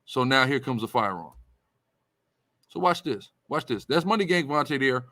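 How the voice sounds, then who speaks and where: A man's voice: medium pitch, animated, normal speed, pushed and bright, no room sound. A man talks like a preacher, leaning hard on his points and repeating them for weight. His voice sits dry and close to the mic with no room sound. He stays loose and conversational while he teaches. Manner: emphatic, repetitive, conversational. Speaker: religious teacher. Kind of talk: preaching-style commentary.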